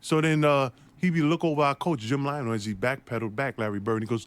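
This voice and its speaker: A man's voice: medium pitch, fast, few pauses, fairly bright tone. Laughing man telling a wild story. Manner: laughing, acts out voices in his story. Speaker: former basketball player telling a story. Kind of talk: animated storytelling interview.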